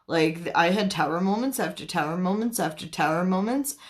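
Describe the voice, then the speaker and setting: A woman's voice: lowish voice, fairly quick. A young woman from Canada hosting a spiritual livestream, chatting casually in a giggly, scattered way and answering her viewers' comments.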